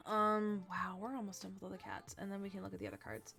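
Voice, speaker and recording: A woman streamer talks through her deck-building in a relaxed, chatty way, tired and yawning as she goes. Her voice has a gravelly, fry-heavy edge. Soft music and keyboard clicks sit faintly behind her. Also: mid-range voice, fast talker. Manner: chatty, thinks aloud, hums and trails off. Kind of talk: casual livestream chat.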